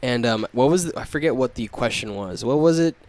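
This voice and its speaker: A man's voice: medium pitch, animated, a little fast, darkish tone. Laid-back young man hosting a podcast. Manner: loose, laughing, swears a lot. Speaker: podcast host. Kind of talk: casual chat.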